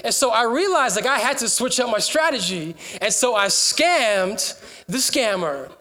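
High-voiced preacher, joking and animated. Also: male voice, measured pace. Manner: animated, joking, rallying the crowd. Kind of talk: humorous sermon storytelling.

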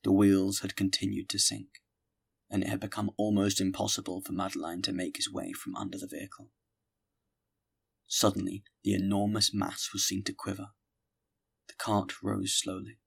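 A man reading a classic novel aloud as an audiobook, measured and steady. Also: deep voice, vocal fry, slightly rough. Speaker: audiobook narrator. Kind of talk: scripted audiobook narration.

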